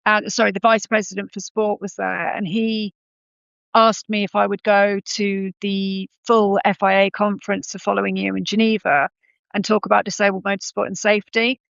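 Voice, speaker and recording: A woman's voice: medium pitch, flat delivery, moderate pace, vocal fry, fairly bright tone, dry recording, lo-fi sound. A woman in her thirties, a podcast guest, telling her story in a conversational way with frequent ums and self-corrections.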